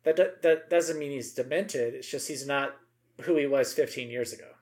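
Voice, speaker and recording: A man's voice: medium pitch, moderate pace. A middle-aged man co-hosting a podcast, chatting casually and emphatically about politics, with many asides and tag questions.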